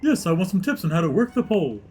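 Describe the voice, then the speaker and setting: A man's voice: high-pitched, big pitch swings, quick pace, mellow, soft background music, pitched above the performer's own voice. A man voicing a panicky older carnival barker who is a fussy father, talking in a fretful, whiny, raised voice.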